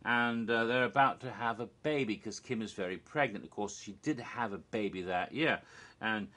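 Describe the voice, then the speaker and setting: A man's voice: lowish voice, normal speed, bright, forceful tone. A man casually recapping a theme park stage show, rambling and amused, with frequent restarts and asides. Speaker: host recounting theme park history.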